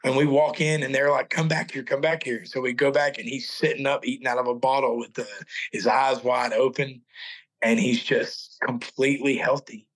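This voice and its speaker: A man in his forties tells his personal faith testimony as a podcast guest. His voice sits at an ordinary middle pitch. He speaks earnestly and haltingly, breaking off and restarting his sentences. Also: level tone, poor audio.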